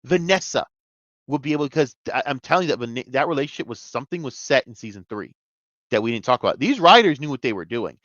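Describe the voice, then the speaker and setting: Excitable, profane man ranting a review. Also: mid-range voice, fast talker, no room sound, dull audio. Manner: excitable, profane, jumps between shouting and muttering. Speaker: TV show reviewer. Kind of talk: casual video review rant.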